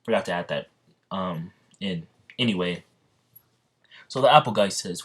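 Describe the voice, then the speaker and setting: A man's voice: low voice, moderate pace, long pauses. A man casually retelling a fan story, rambling and often correcting himself as he goes.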